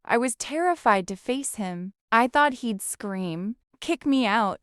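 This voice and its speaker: A woman's voice: on the high side, lively intonation, slow, clear, resonant tone, no room sound, studio quality. A woman narrating a first-person story in an emotional, confessional way.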